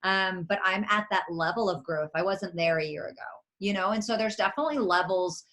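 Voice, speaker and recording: An animated woman giving a motivational talk on a video call, emphatic, acting out little quotes and laughing as she goes. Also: mid-range voice, brisk. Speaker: network marketing leader speaking as a guest.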